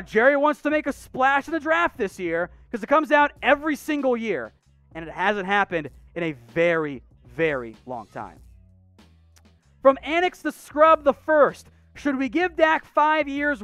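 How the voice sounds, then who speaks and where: Viewer questions get a sarcastic, opinionated treatment from a sports show host in casual mailbag commentary. He rants in rapid, animated bursts with restarts and big pitch leaps, recorded dry and up close over faint music.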